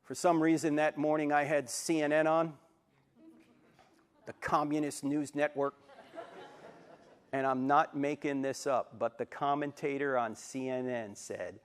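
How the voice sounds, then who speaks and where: A man in his sixties giving a live lecture in a university auditorium, an animated storyteller who acts out quotes and jokes. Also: fairly high pitch, a little slow, pauses often, smooth. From New Jersey, USA. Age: 60s. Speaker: Christian apologetics speaker.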